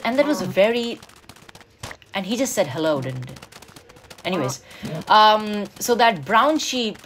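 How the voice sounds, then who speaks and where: A woman casually commenting on her own gameplay, chatty and self-mocking, with rambling asides. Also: lowish voice. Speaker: gaming channel host. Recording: noisy home recording.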